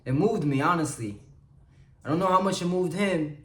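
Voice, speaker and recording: A man giving an earnest spiritual pep talk, shifting between soft confiding passages and loud urging ones. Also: on the high side, moderate pace, reverberant. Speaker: motivational vlogger. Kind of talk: spiritual motivational monologue.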